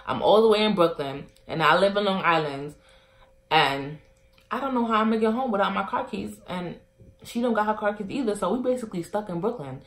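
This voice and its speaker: A young woman tells a personal story to her vlog camera. She talks casually and acts out both sides of a heated argument, with her voice swinging from low and quiet to loud and animated. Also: brisk. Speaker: vlogger telling a story.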